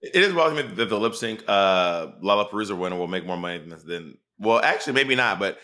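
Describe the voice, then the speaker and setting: Quick talking dude hosting a podcast, lowish voice, sarcastic, teasing. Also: male voice. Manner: sarcastic, teasing, deadpan asides. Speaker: podcast co-host. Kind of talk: casual chat.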